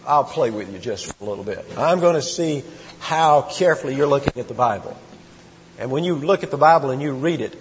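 A man's voice: mid-range voice, slight background noise. A man teaching a Bible study in a conversational, emphatic way, quizzing his listeners and reading scripture aloud. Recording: muffled echoey hall recording.

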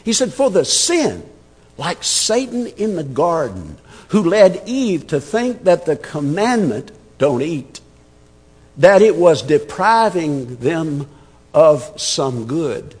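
A man's voice: a little high, very animated, slow, a little mellow, husky, long reverb tail. A man preaching an expository sermon, emphatic and conversational, repeating words as he thinks. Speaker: pastor.

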